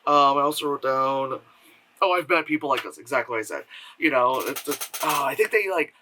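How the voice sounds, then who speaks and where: A man's voice: mid-range voice, fairly quick, noisy background. A man giving a casual spoken film review from home, rambling with lots of fillers and acting out quotes in mocking voices. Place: home room with air purifier hum.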